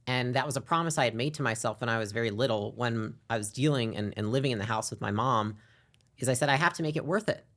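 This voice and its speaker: A young adult woman, a podcast guest, frankly telling a personal story, reflective, sometimes rushing and sometimes dropping quiet. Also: very deep voice. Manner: frank and reflective, often speeding up and trailing off quietly. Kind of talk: candid personal story in an interview.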